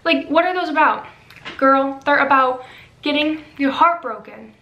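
Young woman, casual vlog, self-mocking rambling chatter, high voice, roomy echo. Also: measured pace, lo-fi sound. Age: young adult. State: sleepless late at night. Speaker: vlogger. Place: bedroom, then a room with a piano.

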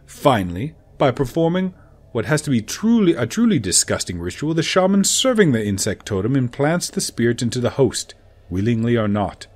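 A man's voice: medium pitch, sing-song, moderate pace. A man voicing a flamboyant, theatrical male elf who lectures with playful asides.

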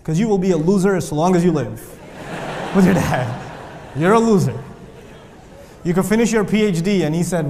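A man teaching a class of students in a lively, animated lecture, mixing joking asides with emphatic repetition. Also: sits high, normal speed, pauses often, background noise. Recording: long reverb of a large hall.

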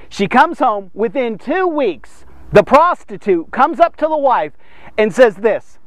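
A man's voice: sits high, sing-song, measured pace, no room sound. A man preaching a devotional sermon to men, emphatic and direct, often checking in with "okay?". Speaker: pastor.

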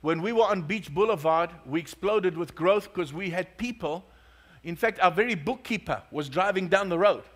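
A male pastor with a notably high voice delivers a sermon. He tells stories and jokes with his congregation. His delivery stays lively and conversational. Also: moderate pace. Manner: storytelling, joking, lively.

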